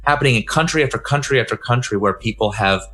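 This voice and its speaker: A man's voice: medium pitch, fast talker. A middle-aged man giving a conference talk, telling a story and acting out the dialogue in a raised voice. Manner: animated anecdote, acts out dialogue in raised voice. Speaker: keynote speaker.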